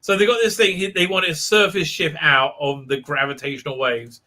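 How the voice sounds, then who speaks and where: A man's voice: on the high side, fairly even intonation, moderate pace, sharp tone. A male host giving a rambling, mocking recap with many ums and uhs. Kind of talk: sarcastic live show recap.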